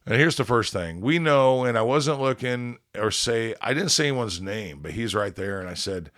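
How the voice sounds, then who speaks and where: A man's voice: on the low side, animated, brisk, hardly any pauses, a bit bright. A man, a band leader on a podcast, telling a rambling, profane story in casual chat and acting out quoted dialogue.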